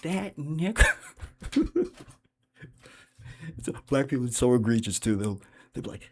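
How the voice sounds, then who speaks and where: A man's voice: mid-range voice, big pitch swings, measured pace, pauses often. A man hosting a livestream, giving unscripted commentary in a blunt, profane, rambling way. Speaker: livestream host.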